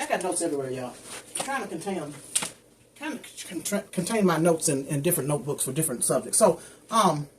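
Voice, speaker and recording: A woman's voice: sits low, slight background noise. A woman chatting casually as she shows her house plants, wandering off topic and stumbling over plant names. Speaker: plant care vlogger. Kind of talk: casual how-to chat.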